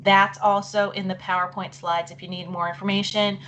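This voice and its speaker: A middle-aged woman leads a live online session for teachers over a computer mic. She talks in a chatty, apologetic way and thinks aloud as she clicks through. Her voice wavers, she keeps clearing her throat, and a faint hum sits behind her. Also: mid-range voice, level tone, moderate pace, a bit bright. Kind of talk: live webinar presentation.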